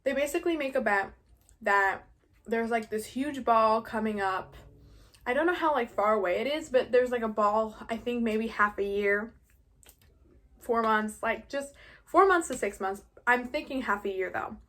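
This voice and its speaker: A woman's voice: fairly high pitch, moderate pace, a bit bright. An eighteen-year-old woman from New York, casually recapping a musical while eating, talking in a rambling way full of "like". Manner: chatty, rambling, heavy on "like". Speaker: vlogger.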